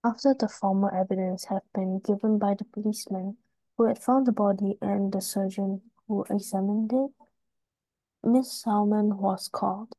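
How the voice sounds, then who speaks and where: A woman reading a story text aloud in class, steady and even. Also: medium pitch, normal speed, dry recording, rough recording.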